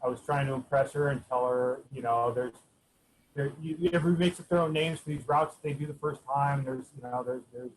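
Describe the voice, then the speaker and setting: A man's voice: mid-range voice, brisk, low-quality recording. Hesitant man with a faint background hum. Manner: hesitant, many fillers and restarts. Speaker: race director. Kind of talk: casual interview answers.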